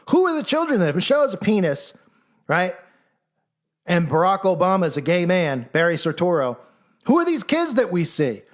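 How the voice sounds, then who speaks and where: A man delivering an argumentative monologue, combative and mocking, firing off rhetorical questions and mimicking his critics. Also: sits high. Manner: acts out critics in mock voices. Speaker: commentator.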